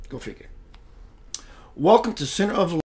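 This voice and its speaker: A man's voice: high voice, expressive, normal speed, a little mellow. A man hosting a spiritual web radio show, chatting casually and playfully, greeting viewers by name and laughing often. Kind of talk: casual livestream chat.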